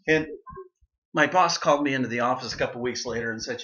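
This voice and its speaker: A man's voice: fairly high pitch, fairly even intonation, quick pace, fairly bright tone. A middle-aged man giving a personal speech to an audience, telling a story and acting out the voices he quotes. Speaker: speaker. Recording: dull, roomy hall recording.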